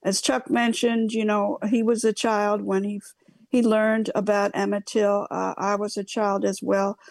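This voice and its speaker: Older woman hosting radio talk, gravelly, dry studio, halting with restarts. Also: mid-range voice, flat delivery, a little mellow, no echo. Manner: halting, many fillers and restarts. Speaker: radio host.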